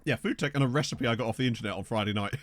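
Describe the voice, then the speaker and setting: Very fast and mid-range in voice, a young man streams a game and chats casually into a desk microphone. Jokey and chatty, he laughs often and sometimes eats while talking, mouth full.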